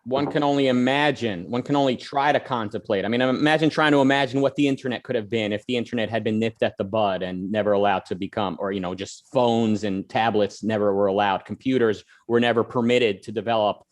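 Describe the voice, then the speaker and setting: A man hosting a casual online panel show, talking in a lively way with plenty of fillers. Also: on the low side, quick pace, few pauses. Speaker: show host.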